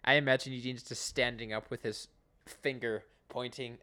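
A man's voice: mid-range voice, steady tone, moderate pace, sharp tone. A young man co-hosting a podcast, recapping episodes in casual, laughing chat with many restarts.

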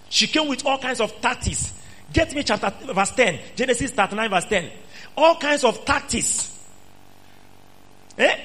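A man's voice: sits high, fairly bright tone. A man preaching an emphatic sermon, repeating phrases and questioning the congregation. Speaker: pastor.

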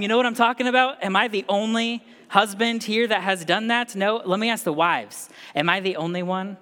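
A man's voice: high-pitched, fairly quick, hardly any pauses, sharp tone. Man preaching in an echoing church hall. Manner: conversational, asks the congregation many questions. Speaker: pastor. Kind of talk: sermon. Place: church sanctuary.

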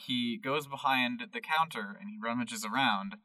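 Male game master, bright tone, slightly distant mic, hesitant. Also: medium pitch, normal speed. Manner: laughs often, hesitant fillers. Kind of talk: narrating a tabletop game.

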